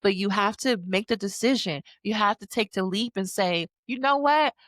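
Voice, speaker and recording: A woman dissertation coach makes her pitch in a casual, frank way, leaning hard on her points and speaking right to the listener. Her voice sits at a middle pitch and is recorded very dry and close, with no room sound. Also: moderate pace, fairly bright tone, no room sound. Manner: emphatic, conversational, acts out quotes in other voices; casual, frank, uses slang. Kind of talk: motivational sales pitch to camera.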